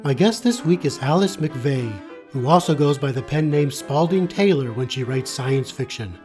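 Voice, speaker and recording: Male host, warm dark tone, scripted intro over faint cello. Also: on the high side, animated, normal speed. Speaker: podcast host. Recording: cello music behind voice.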